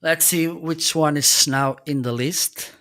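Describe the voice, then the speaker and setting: A man's voice: fairly high pitch, steady tone, slow, pushed and bright. A man hosting a live stream, giving a casual product demo of desk microphones and often checking in with "okay?". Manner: chatty, keeps checking in with "okay?". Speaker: live-stream host reviewing gear. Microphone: desk USB microphones being tested.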